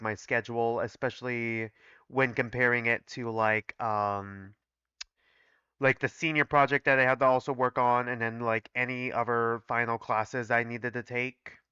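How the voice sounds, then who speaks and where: Rambling young male reaction host; bright tone, dull dry mic. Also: mid-range voice, steady tone, moderate pace, clean tone, dry recording. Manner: rambling, filler-heavy, chatty. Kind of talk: casual reading reaction.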